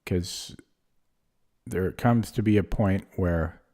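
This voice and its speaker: A young man on a home stream talks his way through chess moves in a loose, rambling way, poking fun at his own mistakes. His voice sits a little low with a mellow, soft-edged tone, picked up by a desk microphone. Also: slow. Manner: rambling and self-deprecating, thinking aloud. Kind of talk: casual livestream commentary while playing.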